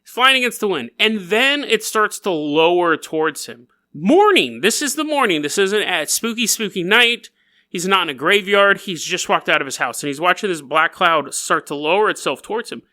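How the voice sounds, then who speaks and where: A man hosting a podcast, telling a strange story in a playful, jokey way with quick asides. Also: high voice, expressive, pushed and bright. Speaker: podcast host. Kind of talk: casual comedic storytelling.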